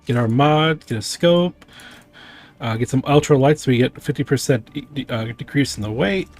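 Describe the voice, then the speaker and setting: A man's voice: mid-range voice, normal speed, soft background music. A man streaming a video game, chatting casually and rambling through menu choices. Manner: rambling, with fillers and sound effects. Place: home streaming setup.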